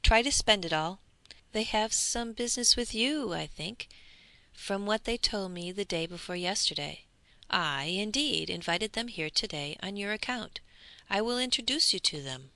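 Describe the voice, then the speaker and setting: A woman reading the lines of a composed, worldly middle-aged nobleman, smooth and dryly ironic. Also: medium pitch, lively intonation, normal speed, bright, forceful tone, dry recording. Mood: urbane.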